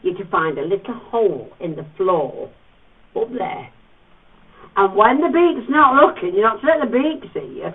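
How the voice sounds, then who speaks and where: A man's voice: high voice, normal speed, slightly rough. A man guiding a tour group through a cave, telling teasing stories and acting out voices. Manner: playful, teasing storyteller with animated voices. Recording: distant, phone-like thin sound.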